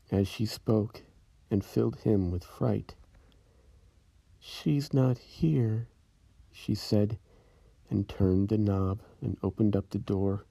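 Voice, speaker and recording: A man narrating a spooky rhyming story in a slow, brooding, measured way. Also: lowish voice, creaky, warm tone, dry recording.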